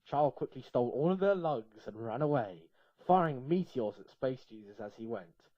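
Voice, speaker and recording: A man reading a comic story aloud in a playful, lively way. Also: medium pitch, moderate pace, dry recording, lo-fi sound.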